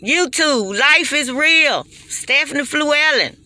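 A woman's voice: high-pitched, animated, takes it slowly, bright, forceful tone. A woman, giving an impassioned, preachy monologue straight to her phone. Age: 40s. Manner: preachy, emphatic and repetitive. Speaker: vlogger.

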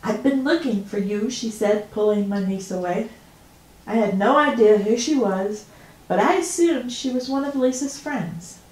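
A woman author reading her own novel aloud in the first person, with steady, intimate storytelling. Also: fairly high pitch, measured pace. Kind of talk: first-person audiobook narration. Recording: roomy echo.

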